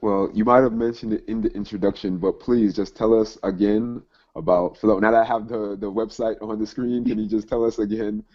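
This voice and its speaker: Deep-voiced man hosting a call. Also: steady tone. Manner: halting, with frequent fillers and restarts. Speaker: host. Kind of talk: conference call interview. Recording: muffled call audio.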